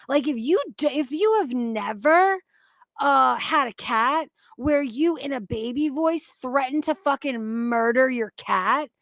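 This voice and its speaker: A woman with a high, slightly bright voice hosts a casual livestream, ranting about online drama in an emphatic, profane, rambling style. The sound is clean, dry studio audio.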